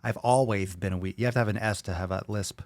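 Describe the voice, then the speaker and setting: A man's voice: fairly low pitch, fast, a little mellow, dry recording, studio quality. A man hosting a podcast, reading viewer comments aloud and reacting to them bluntly, with a lot of swearing. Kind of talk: casual chat.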